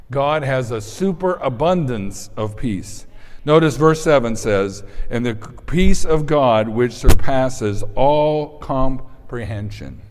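Conversational male pastor, echoing hall. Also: mid-range voice. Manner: conversational, many fillers and restarts. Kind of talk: sermon.

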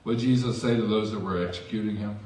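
A man's voice: on the low side, fairly even intonation, quick pace, a little mellow, distant mic. A man preaching a sermon as pastor in a church, conversational with self-deprecating asides. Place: church sanctuary. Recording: echoey church hall from afar.

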